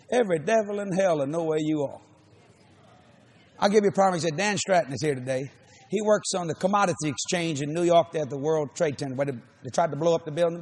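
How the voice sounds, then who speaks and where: A middle-aged man preaching a sermon, telling a story with shouts, laughter and acted-out voices. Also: high-pitched, a little hiss or hum.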